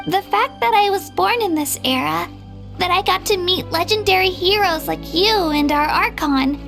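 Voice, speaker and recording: High, bright game voice for an earnest young girl fighter, heartfelt and gentle. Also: vocal fry, heavily acted. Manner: sincere, soft-spoken, heartfelt. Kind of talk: video game voice acting. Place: recording studio.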